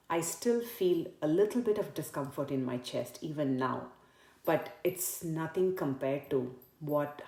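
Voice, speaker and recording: Woman practitioner with a low voice leading a tapping exercise in an echoey room. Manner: soft, slow and repetitive in the tapping script. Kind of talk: guided tapping demonstration.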